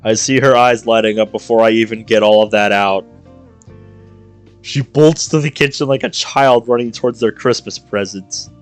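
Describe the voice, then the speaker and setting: A man's voice: lowish voice, steady tone, moderate pace, clear, resonant tone, soft background music. A man streaming a visual novel, reading it aloud and reacting with jokes. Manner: playful, reacts with jokes and laughter.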